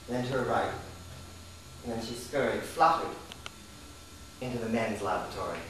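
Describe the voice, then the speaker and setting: A man's voice: fairly low pitch, a bit bright, slight background noise. A middle-aged man performing a wry, theatrical monologue on stage. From Canada. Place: performance space. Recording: very echoey hall, distant mic.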